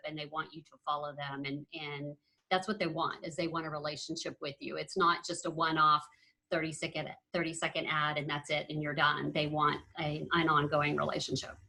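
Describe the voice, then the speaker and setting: A woman speaks on a discussion panel. Her voice is bright and sharp, and she talks in a chatty way, circling back to her points and laughing easily. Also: low-pitched, poor audio. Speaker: panel guest, marketing analyst.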